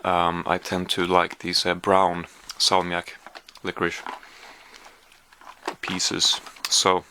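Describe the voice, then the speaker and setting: A man's voice: low-pitched, monotone, slow pace, pushed and bright, slight background noise. A man chatting casually through a taste-test vlog, hesitant with lots of fillers, sometimes talking while chewing. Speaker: vlogger.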